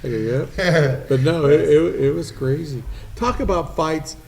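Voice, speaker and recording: Gravelly man telling fight stories. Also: fairly high pitch, unhurried, a crowd in the background. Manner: swearing storyteller, acting out quoted voices. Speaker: podcast host. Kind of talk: casual storytelling chat. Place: restaurant venue, live podcast. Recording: faint noise, live remote venue.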